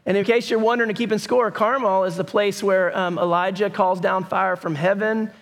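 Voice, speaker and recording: A man preaching a sermon, telling the story in a lively, conversational way with bursts of raised voice. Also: high voice, fairly quick. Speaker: pastor.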